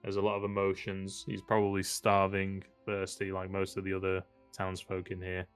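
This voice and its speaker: A man running a tabletop game as game master, relaxed and laughing, with many fillers. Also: sits low, normal speed, clean tone, faint music behind.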